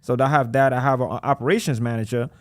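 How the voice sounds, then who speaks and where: Business-owner guest, male, middle pitch, rapid casual delivery, animated rhetorical questions, dry close sound. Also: no room sound. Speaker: credit repair business owner. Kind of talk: casual podcast interview talk.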